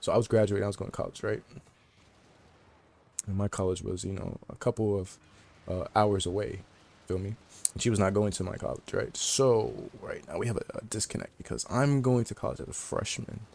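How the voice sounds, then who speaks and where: A man's voice: on the low side, fairly quick, gravelly, darkish tone. A young man telling a casual story to the camera, slangy and joking, laughing often as he talks. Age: young adult. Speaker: vlogger.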